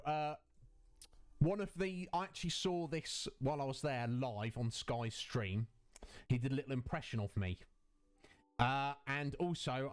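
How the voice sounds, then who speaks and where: Effusive man chatting on stream. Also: mid-range voice. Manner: effusive, chatty, greets viewers by name. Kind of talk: casual chat.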